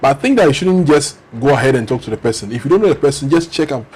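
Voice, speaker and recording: A man's voice: mid-range voice, expressive, rapid-fire, darkish tone, husky. A young man talking as a guest in a casual chat, giving earnest advice.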